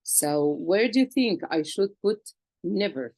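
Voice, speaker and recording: A woman's voice: mid-range voice, lively intonation, slow, a little mellow, no room sound, rough recording. A woman teaching an English grammar lesson to children, patiently asking questions and answering them herself.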